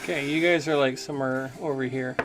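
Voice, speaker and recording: A man's voice: mid-range voice, steady tone, a little fast. A man as game master in a casual tabletop game, explaining the map and counting distances aloud.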